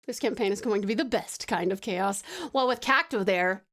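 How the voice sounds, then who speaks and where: A woman's voice: mid-range voice, unhurried, fairly bright tone. A woman with an Australian accent, chatting casually with her stream chat while she draws, playful and laughing often.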